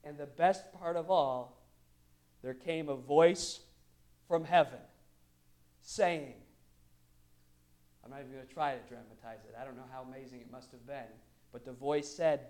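A male pastor preaching a sermon, moving between quiet asides and loud, emphatic bursts. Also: medium pitch, steady tone, measured pace, long pauses.

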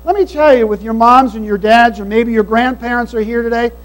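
Preacher, male, very high-pitched, earnest emphatic sermon delivery, faint hum on the recording. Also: steady tone, fairly quick, poor audio. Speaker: pastor. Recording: mains hum behind the voice.

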